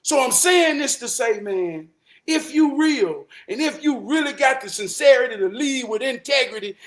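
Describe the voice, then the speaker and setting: High-voiced man, fiery storyteller. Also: expressive, moderate pace. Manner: emphatic, profane, rising to shouts. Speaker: host. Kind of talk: casual storytelling talk.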